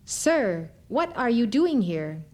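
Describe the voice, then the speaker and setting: A man's voice: very high voice, very animated, slow pace, pitched above the performer's own voice, exaggerated voice. A woman reading as a devout male disciple. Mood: reverent. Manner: reverent, reflective. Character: devout male disciple recalling a holy encounter.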